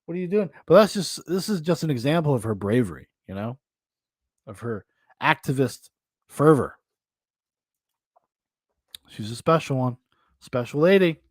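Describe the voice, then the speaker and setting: A man's voice: mid-range voice, lively intonation, unhurried, pauses often, no echo, clean studio sound. Mocking, profane male podcast host. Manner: mocking, profane, laughing asides. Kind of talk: casual commentary on videos and chat.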